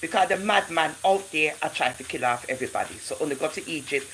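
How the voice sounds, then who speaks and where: A woman voicing a worried father fleeing with his family, giving rushed, urgent instructions. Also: a little high, expressive, fairly bright tone, slight background noise, poor audio.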